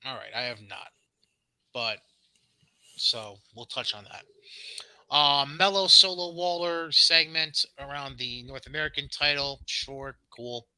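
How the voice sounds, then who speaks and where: A man's voice: mid-range voice, unhurried, bright, forceful tone, clear, resonant tone, dry recording, low-quality recording. A man co-hosting a podcast, casually recapping wrestling shows with sarcastic, dismissive asides and frequent ums. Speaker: podcast co-host.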